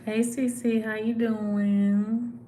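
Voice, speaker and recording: Slow-talking woman chatting on a phone stream. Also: a little high, a little hiss or hum. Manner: slow, relaxed, sympathetic, greets viewers by name. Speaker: tarot reader live-streaming to viewers. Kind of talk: casual live-stream chat reading comments.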